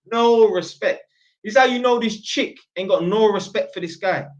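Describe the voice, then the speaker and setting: Speaking a little fast in a high-pitched voice, a young man from North London with a London accent rants and tells a story to his channel's viewers in blunt, slangy terms. The audio has its highs cut off.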